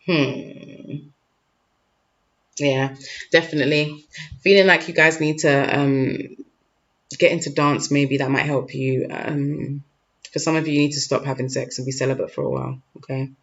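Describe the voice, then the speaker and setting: A man's voice: medium pitch, fairly even intonation, moderate pace, pauses often, a bit bright. A man giving a casual tarot reading to camera, informal and slangy, often checking in with "okay?". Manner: informal, peppered with "okay?" and "like", loose slangy phrasing. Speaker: tarot reader. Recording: dull lo-fi recording with faint noise.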